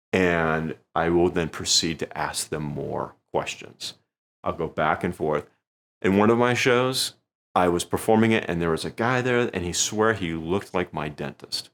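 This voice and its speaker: A man teaching a magic routine in a conversational way, often acting out his stage lines with sudden lifts in pitch. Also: animated, fairly quick. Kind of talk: instructional talk.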